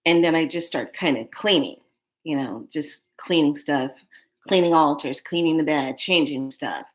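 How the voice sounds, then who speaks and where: A middle-aged woman with a low-pitched voice talks straight to her viewers. She tells a personal story in a loose, casual way, repeating words and restarting her sentences as she goes. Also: moderate pace. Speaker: spiritual vlogger.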